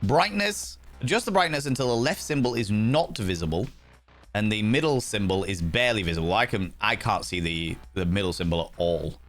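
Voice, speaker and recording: A man's voice: fairly low pitch, expressive, a little fast, a bit bright, faint music behind. A man streaming a game, chatty and rambling while he sets up settings. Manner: chatty, rambling and self-mocking. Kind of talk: casual live-stream commentary.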